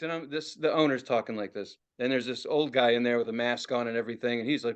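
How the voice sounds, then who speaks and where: A man's voice: mid-range voice, quick pace. A man hosting a podcast, telling a story in casual chat and cursing a lot. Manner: animated, profane storytelling. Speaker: podcast host.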